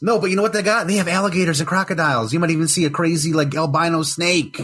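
A man's voice: a little high, steady tone, fast talker, fairly bright tone, husky. A man in casual podcast chat, skeptical and joking, teasing the others. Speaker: podcast co-host.

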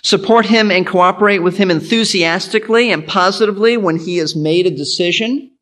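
A man's voice: high voice, a little fast, fairly bright tone. A male pastor giving an earnest sermon, teaching in an instructive way and repeating his key points.

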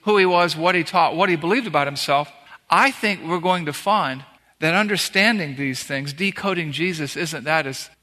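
Pastor, male, earnest emphatic preacher, bright tone, echoing church hall. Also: fairly high pitch, moderate pace. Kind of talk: sermon. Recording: reverberant hall.

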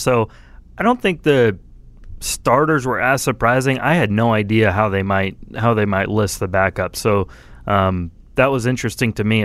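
A man's voice: fairly low pitch, fairly bright tone, no room sound. A man co-hosting a casual sports podcast, easygoing and a bit self-deprecating, with fillers as he thinks. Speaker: newspaper reporter, co-host.

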